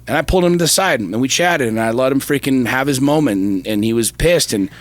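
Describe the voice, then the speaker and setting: A man's voice: medium pitch, fast, no room sound. A middle-aged man, co-host of a talk show, telling a personal story with intense, profane emphasis that builds to fervor. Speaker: podcast co-host. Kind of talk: casual chat.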